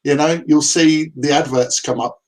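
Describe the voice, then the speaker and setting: A man's voice: a little high, fairly even intonation, moderate pace. A man hosting a casual livestream chat in an easygoing, reflective way. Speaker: host.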